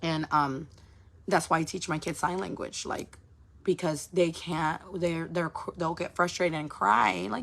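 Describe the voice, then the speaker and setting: A woman content creator talking bluntly and casually to her supporters on a livestream, swearing often and throwing in quick asides. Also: on the low side, steady tone, vocal fry, fairly bright tone, a little hiss or hum.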